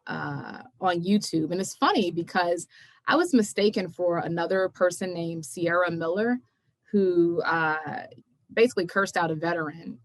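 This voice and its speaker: A young woman poet reading her poems aloud at a virtual event, measured and emphatic, pressing hard on the questions. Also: fairly low pitch, no echo. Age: young adult. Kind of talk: poetry reading. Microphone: video call.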